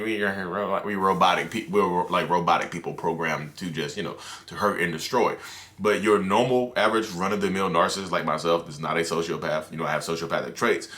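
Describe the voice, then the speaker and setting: Talk straight into the camera as a man with a very low but bright, forceful voice. Keep it loose and conversational, with plenty of fillers and restarts. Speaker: mental health content creator.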